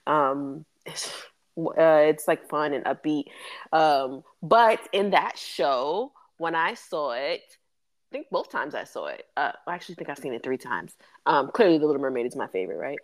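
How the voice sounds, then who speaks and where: A woman's voice: sits low, animated, normal speed. A woman in her thirties, co-hosting a podcast in casual chat, talking in a chatty way with many fillers and laughs. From West Indies. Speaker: podcast co-host.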